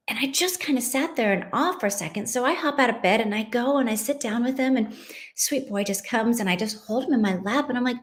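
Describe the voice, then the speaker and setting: A woman's voice: a little high, fairly quick. A woman in her late thirties, a podcast host and mother, telling a personal story in a heartfelt, conversational way. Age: late 30s. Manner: heartfelt, conversational, many "you know"s.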